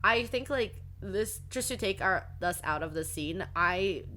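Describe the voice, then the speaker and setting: A woman's voice: medium pitch, expressive, measured pace, pushed and bright, a little hiss or hum. A woman co-hosting a casual podcast, retelling scenes in loose speech full of fillers and acting out bits of dialogue. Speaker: podcast co-host.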